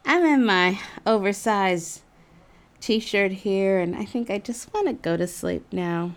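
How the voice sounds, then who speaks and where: A woman casually telling a personal story in an animated, giggly way, with lots of "like" and "you know". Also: medium pitch, takes it slowly. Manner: animated, giggly, with frequent fillers like "like".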